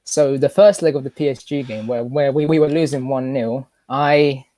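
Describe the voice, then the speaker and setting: A man calling in to a fan show, emotional and halting, with many restarts. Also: mid-range voice, steady tone, warm tone, no room sound. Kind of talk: casual live chat.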